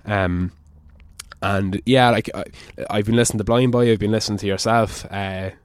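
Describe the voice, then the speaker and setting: A man's voice: on the low side, fairly even intonation, normal speed, clear, resonant tone, no echo, studio quality. A young man in casual podcast chat, giving blunt opinions and swearing now and then.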